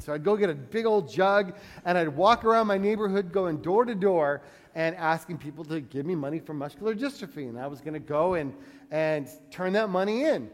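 Animated high-voiced male preacher, hall reverb. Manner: animated storyteller acting out voices. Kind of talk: sermon with storytelling.

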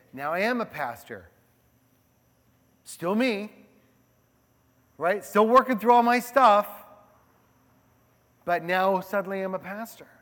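A male pastor giving a sermon in a conversational, animated way, often checking in with the congregation. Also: high-pitched. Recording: long hall reverb.

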